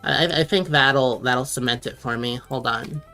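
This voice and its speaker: A woman's voice: extremely low pitch, normal speed, sharp tone, faint music behind. A young woman from Connecticut chatting casually on a late-night drawing livestream, rambling and answering viewers as she reads their messages aloud. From Connecticut, USA.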